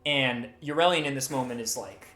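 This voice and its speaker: A man's voice: mid-range voice, fairly quick, sharp tone. Male game master, dramatic narration, roomy echo, faint music beneath. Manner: dramatic storytelling, hesitant restarts.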